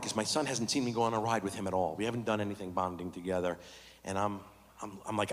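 A man doing stand-up comedy as an animated, self-mocking storyteller on a large theater stage. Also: lowish voice, fast. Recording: reverberant stage recording with background noise.

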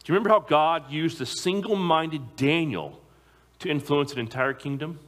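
A man's voice: on the high side, animated, fairly bright tone. Man preaching an emphatic sermon. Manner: emphatic, slows down on key phrases, occasional repeated words.

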